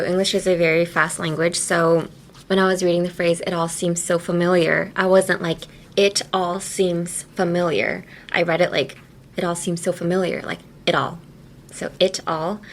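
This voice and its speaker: Chatty giggly woman doing a casual english lesson podcast, studio mic. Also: on the low side. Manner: chatty and giggly, many "like" fillers. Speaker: podcast host teaching English pronunciation. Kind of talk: casual teaching chat. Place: radio station studio.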